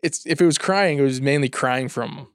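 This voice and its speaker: A man chats casually and sheepishly, breaking into laughter as he goes. His pitch sits in the middle. The sound is dry and close. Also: moderate pace, clean tone, no echo. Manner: laughs often while talking, sheepish. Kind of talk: casual chat.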